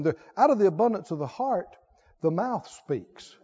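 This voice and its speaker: A man's voice: sits high, expressive, takes it slowly, pauses often, dark tone, husky. A male preacher delivering a sermon, firing rhetorical questions and repeating words for emphasis, on a dull lo-fi recording.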